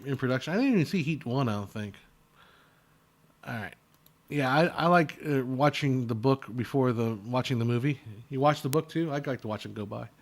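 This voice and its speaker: A man answering viewer questions in a casual, opinionated chat, rambling with lots of restarts and asides. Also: medium pitch.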